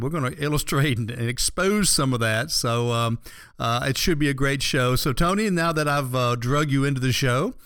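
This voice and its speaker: A man hosts a radio talk show in a relaxed, chatty way. He rambles, circling back with fillers and restarts as he talks. His voice is smooth and clear, and the sound is close and dry. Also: medium pitch, no echo. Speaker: radio show host, financial advisor.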